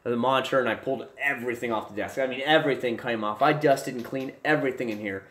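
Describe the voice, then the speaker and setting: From a home room set up with a desk and gear, a young man runs a casual livestream. His voice sits at a medium pitch and moves fast as he wanders through viewer comments, tripping over and restarting sentences before breaking into loud, excited outbursts.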